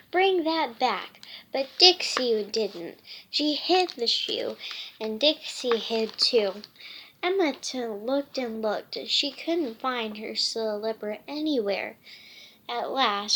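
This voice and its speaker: A woman reading a picture book aloud, halting and often stumbling and restarting. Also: fairly high pitch, animated, sharp tone, slight background noise. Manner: halting, with frequent slips and restarts.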